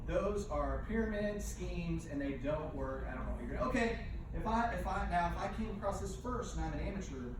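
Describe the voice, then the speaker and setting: A woman's voice: on the low side, lively intonation, fairly quick. A woman leading a team training session, talking playfully and exclaiming often as she acts out a demonstration. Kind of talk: lively training demo with a live audience. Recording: echoey room, voice from far off, background noise.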